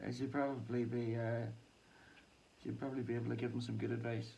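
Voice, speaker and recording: A man rambling casually through a vlog, self-deprecating and quick to laugh. His mid-range voice has a gravelly edge. He sits back from the microphone, with a faint hum of background noise. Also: mid-range voice, flat delivery, dark tone, recorded from a distance, poor audio. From Ireland. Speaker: musician and vlog host.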